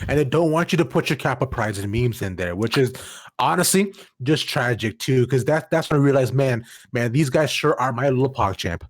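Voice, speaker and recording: A man's voice: mid-range voice, expressive, fairly quick, no echo. A man calls a live esports match in a playful, rambling, upbeat way. His voice sits in the middle of the male range and sounds close and dry, with no room around it. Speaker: esports caster.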